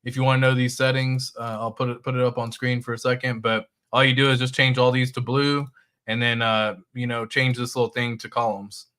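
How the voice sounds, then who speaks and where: A man's voice: medium pitch, flat delivery, brisk, a bit bright, clean tone. A man hosting a crypto livestream, talking loosely through charts and reading viewer chat, with the odd swear.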